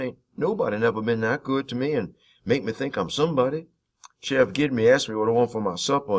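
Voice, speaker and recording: Man, novel read aloud, first-person narration, steady pace, mid-range voice. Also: mid-range voice. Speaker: reader of a novel chapter.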